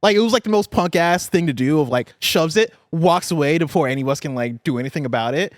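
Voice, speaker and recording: Animated man telling a story, slightly high. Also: fast talker, no room sound, studio quality. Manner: animated, swearing, heavy use of "like". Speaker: podcast co-host. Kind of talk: casual storytelling chat. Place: podcast studio.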